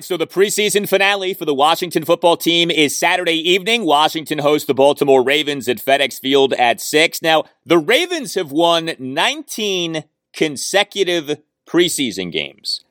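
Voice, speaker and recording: A man hosts a solo sports podcast at a middle pitch. His delivery is animated, his voice leaps high and drops low, and he jokes with himself as he goes. The sound is dry, with no room echo. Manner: animated, talks to himself jokingly.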